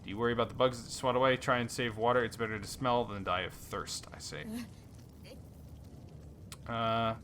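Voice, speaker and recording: A man plays through a story game and reads its dialogue aloud, casual and unscripted. He fills the gaps with ums and uhs and trips over a word now and then. His voice is bright and forceful at a middle pitch. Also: fairly even intonation, moderate pace, pauses often, a little hiss or hum. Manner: reads story text aloud with fillers and small slips. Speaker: let's play host.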